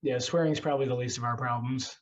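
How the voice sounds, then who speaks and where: A man's voice: mid-range voice, steady tone, quick pace, poor audio. A man hosting a casual podcast over a video call, rambling and self-deprecating, swearing now and then. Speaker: podcast host.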